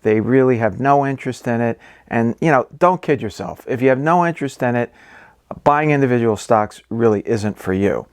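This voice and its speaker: A man's voice: medium pitch, moderate pace, dry recording, studio quality. A man hosting an investing channel, explaining stock basics in casual talk full of ums, okays and restarts. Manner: conversational, many ums and okays.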